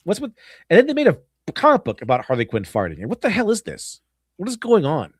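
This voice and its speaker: A man's voice: high-pitched, huge pitch swings, fast talker, slightly rough, dry recording, studio quality. A man chatting casually as a podcast host, rambling with frequent restarts and laughter. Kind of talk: casual chat.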